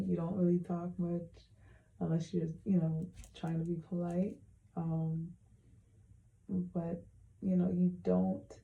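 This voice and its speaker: A woman speaking a heartfelt personal message into her hand-held phone, soft and halting with many pauses, close to tears. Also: fairly low pitch, gravelly, echoey room, phone-quality sound. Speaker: vlogger.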